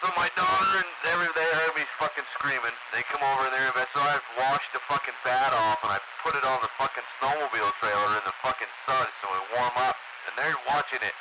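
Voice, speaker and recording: Swearing male radio co-host with a middle-range voice, telling rambling anecdotes, loud noise behind him. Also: medium pitch, fast, hardly any pauses. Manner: profane, swears constantly while telling stories. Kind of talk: casual chat.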